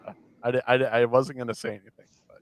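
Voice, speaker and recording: A man's voice: medium pitch, flat delivery, racing, no room sound, poor audio. A man hosting a casual podcast chat, rambling with many fillers and restarts. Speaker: podcast host.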